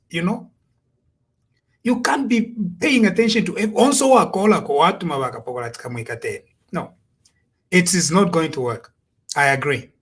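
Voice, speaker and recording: A male host commenting on listener messages in a steady manner. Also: fairly high pitch, breathy edge. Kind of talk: commentary talk show.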